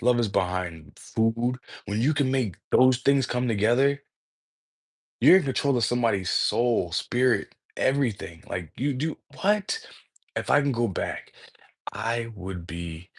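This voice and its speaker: Male streamer, lower register, casual and excitable, swears freely, rambles and trails off. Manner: excitable, profane, slangy, peppers speech with "bro"; jumps between thoughts, trails off mid-word. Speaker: livestream host. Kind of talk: casual rambling livestream talk.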